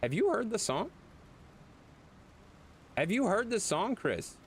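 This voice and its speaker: A game streamer chats loosely with viewers, joking around and swearing freely. His medium-pitched voice is very animated yet slow-paced, with slight background noise behind it.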